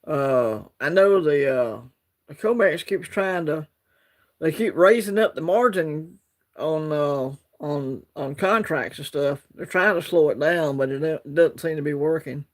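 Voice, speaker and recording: A man with an Alabama Southern accent hosts a casual livestream in an unhurried voice on the high side. He chats in a laid-back, rambling way and greets viewers by name.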